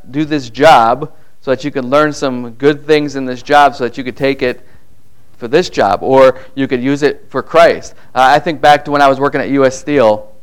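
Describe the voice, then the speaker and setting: A man's voice: medium pitch, clear, resonant tone. A middle-aged man preaching a conversational sermon in a church, reading verses and acting out little voices to make his point. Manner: conversational, acts out voices in quotes. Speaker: pastor.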